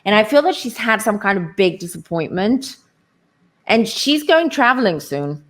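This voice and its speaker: A woman's voice: medium pitch, big pitch swings, normal speed. A woman reading tarot cards as a guest, musing aloud and searching for her words. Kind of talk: casual tarot reading chat.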